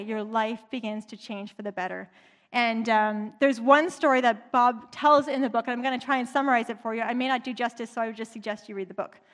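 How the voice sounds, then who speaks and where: Woman preacher, high-pitched, conversational storyteller; long reverb in a large hall. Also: a bit bright. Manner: chatty, conversational retelling. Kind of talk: sermon storytelling.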